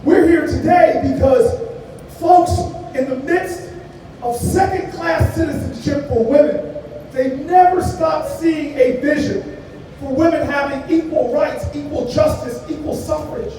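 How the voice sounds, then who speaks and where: A man's voice: extremely high pitch, measured pace, dark tone, slight background noise. Preacherly man at a rally, echoing from afar. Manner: preacherly, rhythmic, storytelling. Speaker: political candidate. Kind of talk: campaign rally speech. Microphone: far from the mic. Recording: echoey hall from far off, faint ambience.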